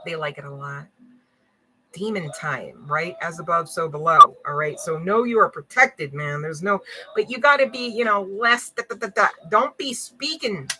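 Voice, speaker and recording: A woman's voice: lowish voice, sharp tone, a little hiss or hum, poor audio. A woman giving a spiritual card reading to her audience in a casual, blunt, slangy way, swearing and laughing often.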